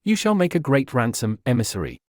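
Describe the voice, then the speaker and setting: A man's voice: mid-range voice, huge pitch swings, brisk, darkish tone, no room sound, studio quality. A man voicing a snide, plump baron who is cold and scornful, sneering and raging at his captives in a storybook reading.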